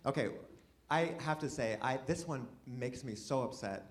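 A man's voice: medium pitch, normal speed. A man performing a live stand-up comedy set, chatty and self-deprecating, with playful asides to the audience.

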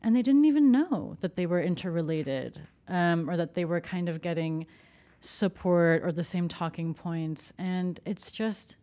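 A woman journalist in casual conversation, talking in an animated way with quick asides. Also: fairly low pitch. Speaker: journalist, co-host.

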